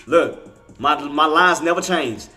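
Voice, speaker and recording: Man, higher-pitched and bright, live trading streamer; frustrated, slangy, repetitive, soft music bed. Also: takes it slowly. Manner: frustrated, repetitive, casual slang, cursing under breath. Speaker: day trading livestream host.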